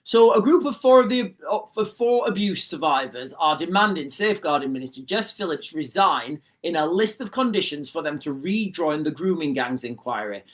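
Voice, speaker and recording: Man, forties, high voice, livestream host, casual political commentary, repeats himself, says guys a lot. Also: expressive, moderate pace, few pauses. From Rotherham, England. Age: 40s.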